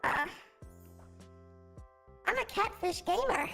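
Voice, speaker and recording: A man using a voice changer to put on a sexy female gamer voice, teasing and breathy. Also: extremely high pitch, huge pitch swings, very slow, bright, forceful tone, soft background music, voice pushed up, full character voice. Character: sultry female catfish gamer voice.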